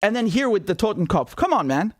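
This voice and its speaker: A man's voice: sits high, very animated, brisk. A man hosting a political commentary show, talking casually in a sarcastic, indignant rant with swearing.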